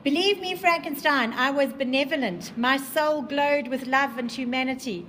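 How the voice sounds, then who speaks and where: A woman voicing a lonely male creature who pleads with his maker in a slow, dramatic reading. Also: sits high, a bit bright, a little hiss or hum. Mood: pleading.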